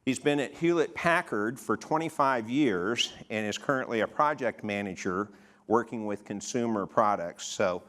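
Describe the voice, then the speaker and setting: A man's voice: on the low side, normal speed, fairly bright tone. Brief: male on-stage host, casual conversational delivery, lots of "uh", stage mic. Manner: conversational, with frequent "uh" fillers. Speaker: health system CEO hosting a patient interview. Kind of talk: on-stage interview before a live audience. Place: conference stage. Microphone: stage microphone.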